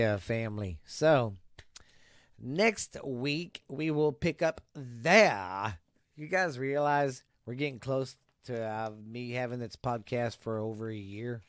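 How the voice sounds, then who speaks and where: A man's voice: medium pitch, smooth, no echo, clean studio sound. A man hosting a casual solo podcast, talking in a loose, profane, rambling way and slipping into a mock tough-guy ad voice. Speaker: podcast host.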